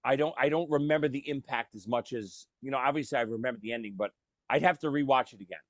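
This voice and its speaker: A man's voice: mid-range voice, fast, no echo, muffled recording. A man co-hosting a casual podcast, talking animatedly about films and acting out lines. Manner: animated, swears casually, acts out movie lines. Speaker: podcast co-host. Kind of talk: casual chat.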